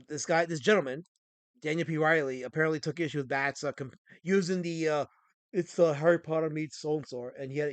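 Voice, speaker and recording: A man hosting a casual live stream scolds his chat, animated and swearing plenty. His voice is fairly high-pitched, and the recording has no echo.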